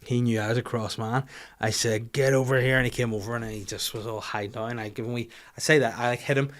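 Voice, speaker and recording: A man's voice: mid-range voice, quick pace. Sweary Northern Irish man telling stories. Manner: swears freely, rambling animated storytelling. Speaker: comedian podcast host. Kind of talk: casual comic monologue.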